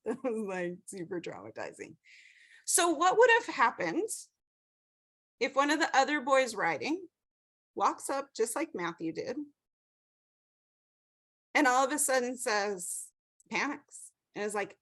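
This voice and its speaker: A woman's voice: on the high side, big pitch swings, measured pace, long pauses, fairly bright tone. A woman teaching a class over a video call, telling a story with animation and checking in with the group. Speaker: class instructor.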